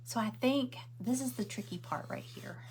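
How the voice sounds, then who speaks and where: A woman's voice: fairly high pitch, moderate pace, a little mellow, slight background noise. Woman, middle-aged, chatty crafting livestream host, rambling, answers comments. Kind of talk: casual chat while crafting.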